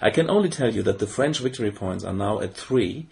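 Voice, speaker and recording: A man's voice: on the low side, expressive, brisk, vocal fry, a little mellow. A man narrating a board game session recap in a playful, mock-dramatic way, teasing the players and dropping in French phrases.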